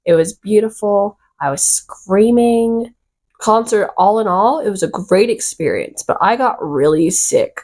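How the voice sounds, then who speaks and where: A woman vlogger telling a rambling, excitable storytime, full of fillers and little giggles. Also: mid-range voice, measured pace. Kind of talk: casual storytime chat.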